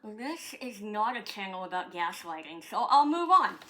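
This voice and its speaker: Bright-voiced woman chatting at home. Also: mid-range voice, very animated, moderate pace. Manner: chatty, rambling, swears casually. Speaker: vlogger. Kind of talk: casual chat.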